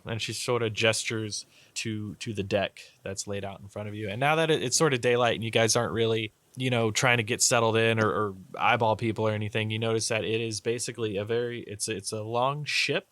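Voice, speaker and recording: A man's voice: fairly low pitch, fairly even intonation, a little fast, few pauses, a bit bright, no room sound. A man narrating as game master in a loose, rambling way. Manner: loose, rambling, many fillers and restarts.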